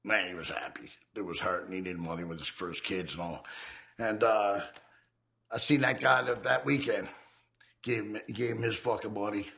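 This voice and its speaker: A man's voice: on the low side, normal speed, creaky, sharp tone. A man from the United States, a former outlaw biker, telling his story in a casual, profane, streetwise way and acting out the dialogue.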